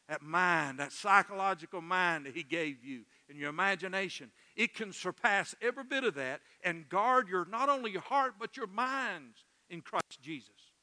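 A middle-aged male pastor preaching a sermon in a church, earnest and emotional, dropping soft and then swelling loud. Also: sits high, animated, moderate pace, hardly any pauses, long reverb tail. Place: church sanctuary.

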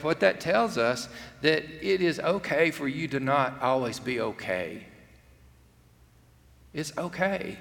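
A man's voice: mid-range voice, gravelly, a bit bright. A middle-aged man, preaching an earnest, conversational sermon and acting out quotes. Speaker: pastor. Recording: long hall reverb.

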